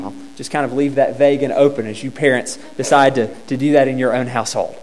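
A man's voice: medium pitch, steady tone, fast, few pauses, darkish tone. A man preaching a sermon in a conversational teaching tone with a touch of humor, often repeating words as he restarts a phrase.

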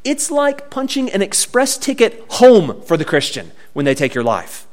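Guy preaching a sermon, higher voice, really animated. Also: moderate pace. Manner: expressive preaching with wide swings in pitch and volume. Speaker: pastor.

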